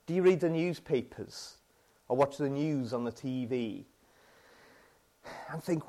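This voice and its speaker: A man's voice: medium pitch, lively intonation, a little slow, pauses often, dark tone. A man with a British accent preaching a sermon, conversational and self-deprecating, acting out his own frustrated outbursts.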